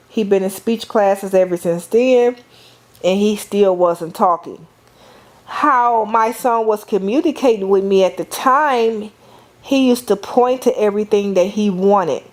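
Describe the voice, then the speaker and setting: A middle-aged woman giving a lecture, speaking deliberately, calling on the class and often repeating or restarting phrases. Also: mid-range voice, darkish tone.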